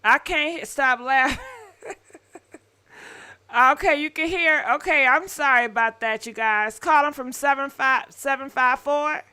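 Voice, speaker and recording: A high-pitched woman hosts a live call-in show. She talks slowly and chattily, with a bright, sharp tone. She keeps calling out to her callers and apologizing. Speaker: host.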